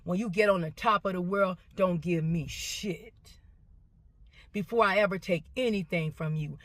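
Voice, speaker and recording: A woman's voice: on the low side, normal speed, dry recording. Confrontational middle-aged woman ranting. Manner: emphatic, repetitive, confrontational. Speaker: social media poster. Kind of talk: emotional rant to camera.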